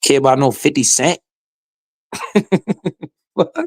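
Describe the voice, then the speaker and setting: A man's voice: mid-range voice, slow, no echo. A man streaming live, giving casual, slangy commentary with swearing and often speaking straight to his chat.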